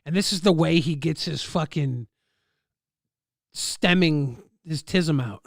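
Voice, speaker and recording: A man's voice: on the high side, slow pace, creaky, dry recording, clean studio sound. A man streaming live, mocking a video with sarcastic, profane commentary.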